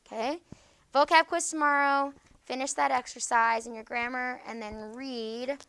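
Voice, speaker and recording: In a grammar lesson, a woman teacher speaks in a steady, clean, fairly high voice that is bright and forceful. She is patient and explanatory, regularly pausing for a quick "okay?" to confirm her students understand.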